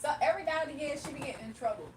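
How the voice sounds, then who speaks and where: A woman's voice: sits high, racing, background noise. A young woman hosting a casual livestream, telling stories with lots of laughter and reading chat comments aloud. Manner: laughs often, animated storytelling, talks to chat. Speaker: livestream host.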